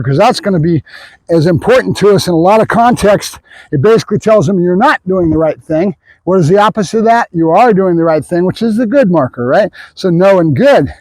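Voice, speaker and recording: High-voiced man explaining dog training. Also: expressive, fairly quick, a little mellow, no echo, rough recording. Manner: casual, talks to the viewers with frequent "right?" asides.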